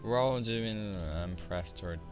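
A man's voice: low-pitched, a little slow, over music. A man, talking casually and rambling through asides while commenting on a video game. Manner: rambling, chatty asides, mild grumbling. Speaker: let's play commentator.

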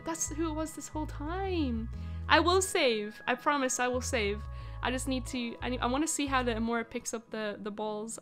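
Giggly high-voiced woman streamer. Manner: giggly, squealing with excitement. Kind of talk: live game stream chat. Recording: faint music behind. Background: faint music.

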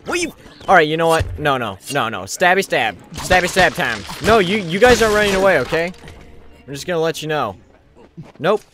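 Excitable young man yelling at a game. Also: fairly high pitch, fairly quick, pauses often, noisy background. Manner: excitable, jokey, swears and shouts at enemies. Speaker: gameplay commentator. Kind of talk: let's play commentary.

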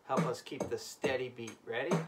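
A man's voice: medium pitch, normal speed. A man teaching a children's music lesson, encouraging the class and chanting rhythm syllables. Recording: loud background noise.

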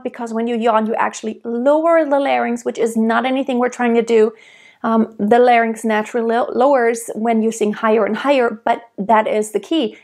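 A woman from Germany, a vocal coach, giving a calm, measured singing lesson with sung examples. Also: on the high side.

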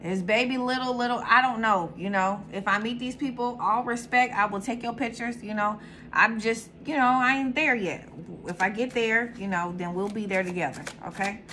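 A young woman hosting her own channel in casual, animated chat, swearing freely and jumping to sudden high squeals. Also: normal speed, a little hiss or hum. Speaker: tarot reader and channel host.

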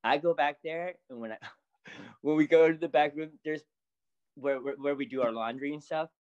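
A man, a salon stylist, telling a story as a guest in casual chat, animated and laughing often. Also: a little high, moderate pace, dull audio.

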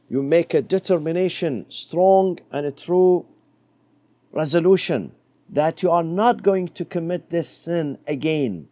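A middle-aged man preaching a sermon, telling a story and dropping to a soft low voice for quoted words. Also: measured pace, no room sound.

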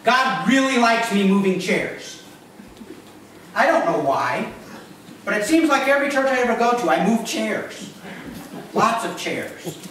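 Pastor guy chatting through his sermon, kinda high voice, lots of hiss and room echo. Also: big pitch swings, a little slow, pauses often, a bit bright. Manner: conversational, joking asides to the congregation. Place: church sanctuary. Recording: echoey room, voice from far off, noisy.

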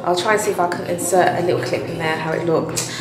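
A woman's voice: lowish voice, steady tone, fast talker. A young English woman with an English accent, chatting casually as she vlogs her trip, laughing often. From England. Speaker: travel vlogger. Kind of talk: casual vlog chat.

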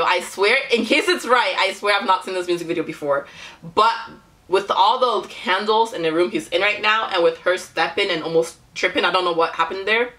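A woman's voice: mid-range voice, bright, forceful tone. A young woman from Nigeria hosting a casual reaction video, exclaiming and laughing often. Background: faint music from the video.

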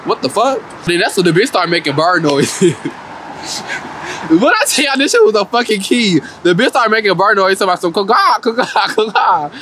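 Sassy, high-voiced man recapping reality TV. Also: a little fast, few pauses, a little hiss or hum. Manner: animated, profane and sassy, laughing often. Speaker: vlogger.

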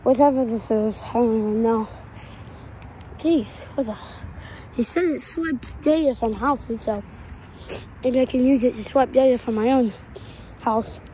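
Brief: a performer playing a grumpy British-accented loner with a lisp, voice changer on, slow half-whispered grumbling over heavy hiss. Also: medium pitch, warm tone, rough recording. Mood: surprised. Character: grumpy young drone-tinkering loner living in woods lab. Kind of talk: muttered solo role-play. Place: outdoors in woods.

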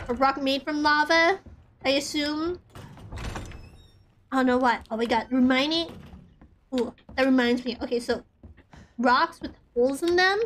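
A woman with a high voice talks her way through a horror game on stream. She rambles, stacks up "like" and swears whenever she gets startled, over a faint hiss of background noise. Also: a little slow, pauses often, a bit bright. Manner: rambling, nervous, swears often, frequent "like". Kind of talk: casual gameplay commentary.

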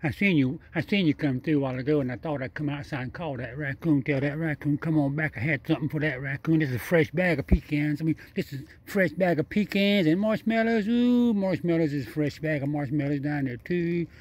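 With a slightly high voice, he talks a little fast and barely pauses. A vlogger feeding a wild raccoon at night, he keeps up a casual, repetitive commentary to the animal and camera, laughing, coaxing, and using nonstandard speech.

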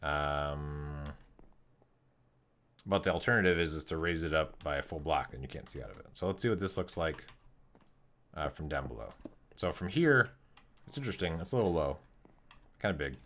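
Man, very low voice, casual stream commentary, halting and thinking aloud. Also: animated, fairly bright tone. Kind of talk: casual live-stream commentary while building.

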